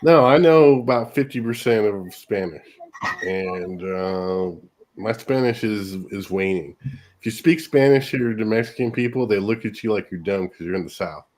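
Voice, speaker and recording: A man from California hosting a radio show, introducing bands in a relaxed, chuckling, loosely profane way. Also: fairly low pitch, normal speed. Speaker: radio host. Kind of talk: casual radio chat.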